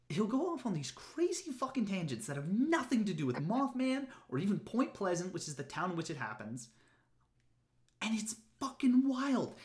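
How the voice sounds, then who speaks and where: A man's voice: high voice, echoey room. A man hosting a casual podcast from home, ranting in an exasperated way and swearing often. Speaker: podcast host. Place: home room.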